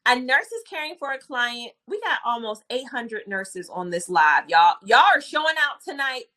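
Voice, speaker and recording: A woman running a live-stream nursing exam review, lively and teasing, repeating phrases and chatting with her viewers. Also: fairly high pitch, moderate pace.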